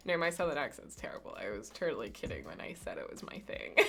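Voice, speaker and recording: A young woman live-streaming a game, chatting casually and thanking viewers with excited outbursts. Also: low voice.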